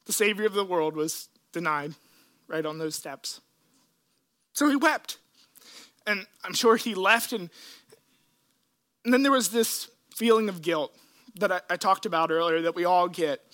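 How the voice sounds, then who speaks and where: A man preaching a sermon, retelling scripture in an earnest, emotional way with dramatic pauses. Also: high-pitched, pushed and bright. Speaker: pastor.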